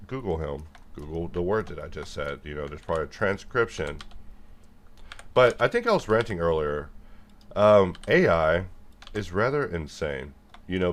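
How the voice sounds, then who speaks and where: A young man in a rambling monologue to his viewers, jumping between jokes and animated rants. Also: deep voice. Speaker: software developer and video creator. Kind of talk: rambling stream-of-consciousness monologue.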